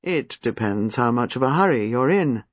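A man reading aloud, voicing a reserved, sad middle-aged gentleman who speaks slowly and gravely. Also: medium pitch, animated, no room sound, pitched below the performer's own voice, close to an everyday voice. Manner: measured, grim, slow. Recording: slightly muffled, dry.

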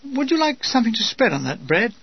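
Casting: man playing a sly, falsely helpful soldier prankster, high husky voice. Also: sing-song, brisk, dry recording, lo-fi sound, full character voice. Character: sly prankster soldier offering boot polish.

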